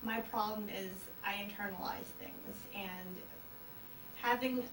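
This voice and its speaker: A woman's voice: medium pitch, fairly even intonation, slow. A woman speaking as a hypnosis client in a casual interview, hesitant and full of fillers. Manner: hesitant, many fillers, self-conscious. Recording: roomy, distant mic, noisy background.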